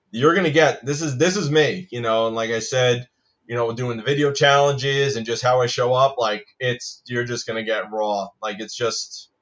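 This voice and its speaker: A man's voice: medium pitch, fairly bright tone, dull audio. A man with a New Jersey accent, a guest in a casual chat, friendly and talkative, laughing easily.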